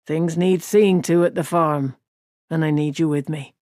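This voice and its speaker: A calm middle-aged farmer and father, firm and unhurried, spoken fairly low and dry. A woman reads him in an audiobook, close to her own voice. He speaks in a way that brooks no argument. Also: no room sound.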